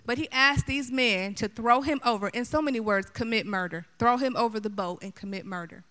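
A middle-aged woman preaches a sermon in an animated, chatty way, turning often to her listeners. Her voice is bright and fairly high. She moves between loud emphasis and softer asides. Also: brisk, hardly any pauses. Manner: animated, chatty, addresses the audience directly.

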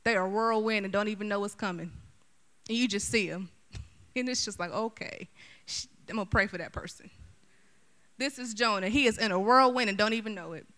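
A middle-aged woman preacher giving a sermon, animated and chatty, talking straight to her listeners. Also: medium pitch, brisk. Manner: animated, chatty, addresses the audience directly.

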